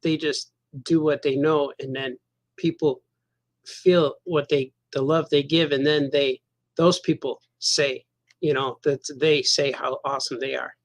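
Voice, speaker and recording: Man host, slightly high voice, supportive, laughs easily. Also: flat delivery, measured pace. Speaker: podcast host. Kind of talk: casual podcast conversation.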